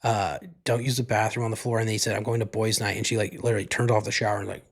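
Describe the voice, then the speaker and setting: A man's voice: fairly low pitch, level tone, very fast, gravelly, husky. A man hosting his podcast, casually retelling a movie plot in a rambling way, full of fillers and casual swearing. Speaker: podcast host.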